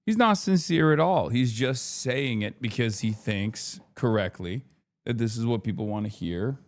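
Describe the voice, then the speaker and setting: A man's voice: mid-range voice, animated, normal speed. A man ranting in livestream commentary, exasperated and profane, repeating himself for emphasis. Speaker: streamer reacting to news.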